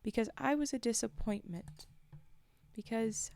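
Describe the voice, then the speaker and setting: A woman's voice: a little high, measured pace, creaky, a little mellow. A woman voicing a distraught teenage girl who pleads with her father while holding back tears, read aloud from a horror story. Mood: pleading, tearful.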